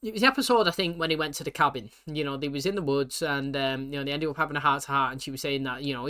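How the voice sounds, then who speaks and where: A British man reacts to a TV episode for his channel, talking fast and casually with plenty of slang and fillers. His voice is fairly high, pushed and bright.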